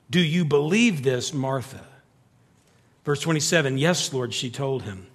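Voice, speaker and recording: Man, pastor, sermon, animated storyteller, husky voice, reverberant church hall. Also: medium pitch, normal speed. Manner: animated storytelling, rising to near-shouts. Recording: long reverb of a large hall.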